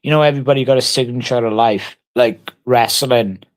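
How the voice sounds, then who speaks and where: A man's voice: mid-range voice, steady tone, fairly quick. A man on a casual livestream, taunting and mock-threatening someone in crude, heavily sworn banter.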